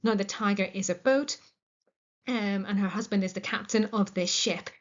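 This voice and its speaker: A woman's voice: mid-range voice, normal speed. A woman teaching a literature lesson, explaining a play in a chatty way and paraphrasing its lines in modern words. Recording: muffled lo-fi recording.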